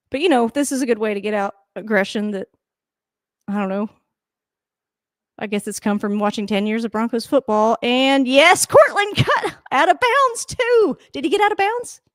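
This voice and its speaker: Excitable swearing woman reacting to football. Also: fairly high pitch, no echo, clean studio sound. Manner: excitable, swearing, laughing, talks to the coach. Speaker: sports reaction host. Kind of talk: casual live game commentary.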